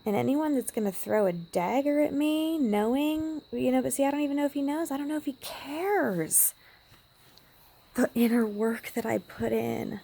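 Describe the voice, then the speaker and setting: Woman vlogger, gravelly and warm-toned, emotional storyteller who slips into whispers. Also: sits high, moderate pace. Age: adult parent. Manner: emotional, drops to a hushed whisper at times. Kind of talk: personal storytelling vlog.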